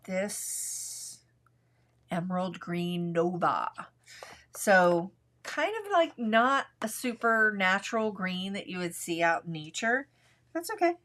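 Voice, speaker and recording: Woman, art tutorial host, relaxed and chatty, narrates her coloring step by step, desk mic. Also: mid-range voice. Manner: relaxed, chatty, narrates each stroke as she works. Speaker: art instructor.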